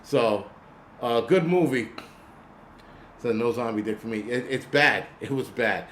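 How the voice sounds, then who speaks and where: A man's voice: medium pitch, measured pace, a little hiss or hum. A man hosting his own channel, ranting casually with heavy swearing and frequent laughter. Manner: profane, animated, laughs often. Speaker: channel host. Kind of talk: casual unscripted rant.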